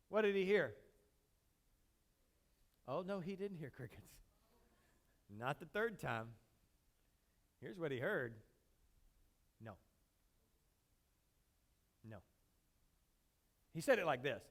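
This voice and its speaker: A pastor preaching a sermon, acting out pleading prayers loudly, then dropping low and quiet. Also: male voice, normal speed, long pauses.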